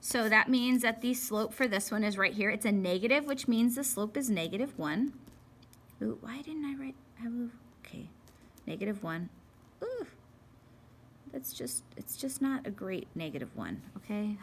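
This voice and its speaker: A young woman walks through a math lesson in a bright, crisp voice, chatting and joking with herself as she works each problem. Her delivery is casual and playful rather than formal. A faint background noise sits under the recording. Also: medium pitch, animated, normal speed. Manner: chatty, playful, talks to herself while working. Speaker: math teacher.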